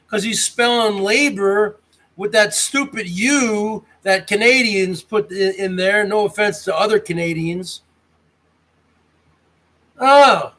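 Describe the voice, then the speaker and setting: In a high voice that sounds pushed and bright, an American man from the United States runs a casual livestream. He goes through the chat, calling out viewers by name and talking straight to them in a mocking, taunting way.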